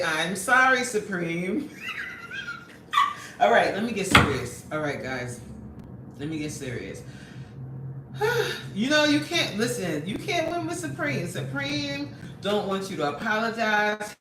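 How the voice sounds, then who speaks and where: Reading comments in casual livestream chat, this New York host laughs frequently and welcomes viewers by name. She speaks at a medium pitch, very animated yet unhurried. Background noise is present, and she sounds off mic in an echoey room.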